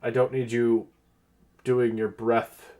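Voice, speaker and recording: A man's voice: medium pitch, little pitch movement, slow, mellow, lightly acted. A man voicing a fussy male servant character with dry, dismissive speech in a tabletop game. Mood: curt.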